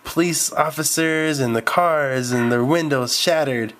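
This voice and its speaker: A man's voice: a little high, unhurried, fairly bright tone. A man telling an improvised story, rambling with restarts.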